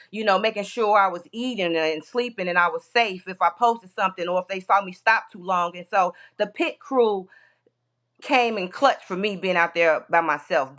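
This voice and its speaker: A woman's voice: mid-range voice, fairly bright tone. A woman guest on a podcast telling a long road-trip story in a rambling way, with many restarts.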